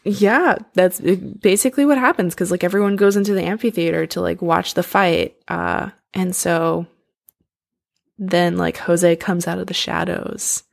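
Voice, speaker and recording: A young woman with a gravelly, somewhat low voice tells a story in an easy, chatty way. She leans on "like" and "um" as she goes, unhurried and informal. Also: fairly even intonation. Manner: loose, filler-heavy retelling with lots of "like". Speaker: storyteller retelling an opera plot. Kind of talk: casual chat.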